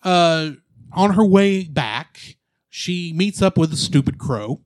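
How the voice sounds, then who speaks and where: Chatty man with a higher voice. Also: expressive, no room sound. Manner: chatty, joking retelling with quick asides. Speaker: podcast co-host. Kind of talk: casual movie recap chat.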